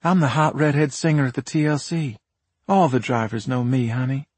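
A brash, teasing woman singer who pushes back hard, as a male audiobook narrator voices her, lifting his pitch. The tone is husky and dry. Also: brisk, no room sound, lightly acted. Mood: pushy. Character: sassy redheaded woman singer, bold and pushy.

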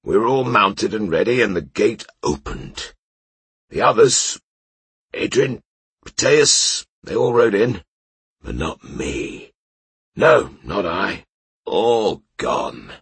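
A man's voice: fairly low pitch, big pitch swings, slow pace, pauses often, fairly bright tone, slightly rough, dry recording, voice pushed up, full character voice. A man voicing a drunken, disgraced knight who talks with a wistful slur. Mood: maudlin. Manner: slurred, wistful. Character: drunken disgraced middle-aged knight, maudlin, slurring.

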